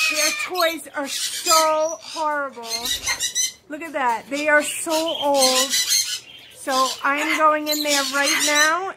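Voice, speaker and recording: A woman's voice: high voice, very noisy. A middle-aged woman, a pet vlogger, chatting to her camera and talking baby talk to her pet birds in a dim room at night. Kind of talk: casual chat to camera and pets. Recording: loud bird squawks throughout. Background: loud squawking birds.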